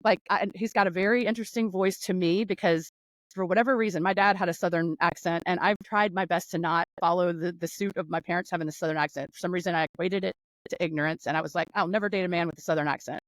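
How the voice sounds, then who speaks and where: A woman from North Carolina, speaking as a guest in a casual interview over a video call, telling a long story with laughs and quick restarts. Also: fairly low pitch, no room sound, poor audio. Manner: animated, laughing, rambling storytelling.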